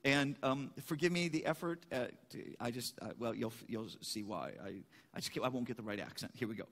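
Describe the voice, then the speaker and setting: A man's voice: medium pitch, a little fast, a bit bright. A man preaching a sermon, emphatic, asking questions and answering them himself. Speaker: pastor. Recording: echoey hall.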